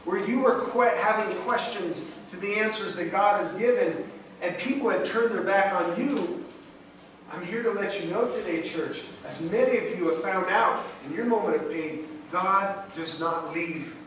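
A middle-aged man preaches with raw emotion, his voice pitched high and rising in swells of volume. He is heard from a distance across a hall that echoes heavily. A faint noise hangs underneath. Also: normal speed, a bit bright. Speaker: pastor. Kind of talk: sermon.

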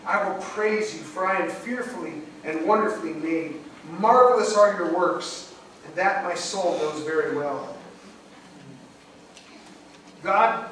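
A man's voice: high voice, a bit bright, slight background noise. A middle-aged man preaching a sermon as pastor, emotional and swelling in volume as he speaks. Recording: very echoey hall, distant mic.

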